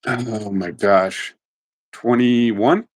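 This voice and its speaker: A middle-aged man being interviewed, telling animated stories in a casual way and quick to laugh. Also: on the low side. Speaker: interview guest.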